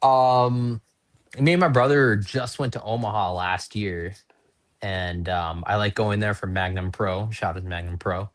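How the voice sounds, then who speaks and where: A man from North Dakota, a pro wrestler and podcast guest, telling casual stories in a chatty, rambling, self-deprecating way. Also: fairly low pitch. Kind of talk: casual storytelling in an interview.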